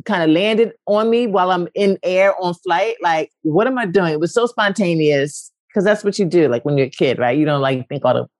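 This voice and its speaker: A woman's voice: brisk, few pauses, no echo. A woman from West Philadelphia, a poet and actress, telling stories candidly as a guest and acting out quotes with big leaps in her voice. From West Philadelphia, USA. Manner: animated, acts out quotes with big pitch leaps, casual swearing. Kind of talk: candid storytelling conversation.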